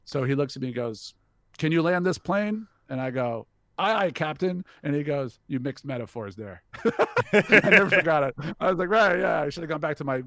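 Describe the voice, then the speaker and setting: A middle-aged man telling a business story in an animated way. He acts out the voices of the people in the story, swears freely and laughs between lines. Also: mid-range voice, dry recording. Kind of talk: animated anecdote.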